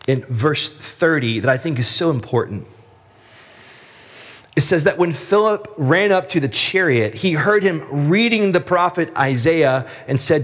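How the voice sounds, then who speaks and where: Man preaching from Texas, echoing hall. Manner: conversational storytelling, animated rises in pitch. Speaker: pastor. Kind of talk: sermon. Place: church sanctuary.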